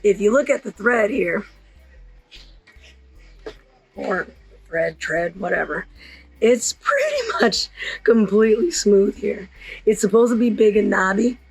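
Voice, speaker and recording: A woman hosting a casual how-to video, hoarse from partly losing her voice, chatty and rambling with fillers and self-corrections. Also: mid-range voice, big pitch swings, moderate pace, poor audio. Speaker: channel host.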